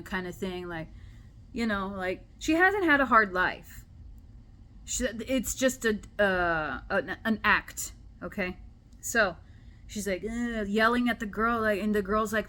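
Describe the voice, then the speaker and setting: A woman telling a personal spiritual story to camera in an animated, chatty way. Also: mid-range voice, measured pace. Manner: animated, chatty, acts out quoted voices. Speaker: spiritual vlogger. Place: indoor room at home.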